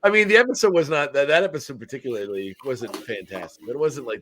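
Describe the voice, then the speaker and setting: A man's voice: medium pitch, lively intonation, fast, fairly bright tone. A young adult man co-hosting a podcast, talking in a casual, rambling, self-mocking joking way. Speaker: podcast co-host.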